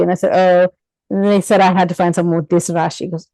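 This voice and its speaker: A woman's voice: mid-range voice, quick pace, creaky, no echo, rough recording. A middle-aged woman, a physician guest, telling her story in a casual interview and acting out the voices of the people in it. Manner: animated, acts out quoted voices with laughter.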